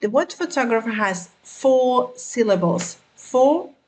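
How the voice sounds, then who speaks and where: Slow, careful woman teaching pronunciation. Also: mid-range voice, animated, low-quality recording. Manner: repeats words slowly and carefully for learners. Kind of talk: slow, deliberate pronunciation lesson.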